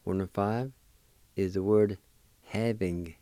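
A man teaches pronunciation at a deliberate, unhurried pace, spelling each word out letter by letter before he says it. His voice is smooth and mellow. He sounds close to the mic in a dry room. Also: fairly low pitch, steady tone, dry recording. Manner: slow, patient, spells words out letter by letter. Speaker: language teacher and radio host. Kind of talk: slow spelling and pronunciation lesson.

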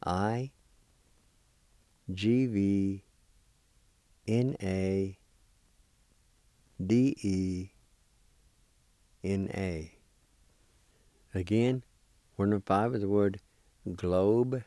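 Male language teacher, slow and patient, mellow low voice, dry close sound. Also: no room sound. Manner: patient, spells out syllables one by one; encouraging. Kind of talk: recorded pronunciation lesson.

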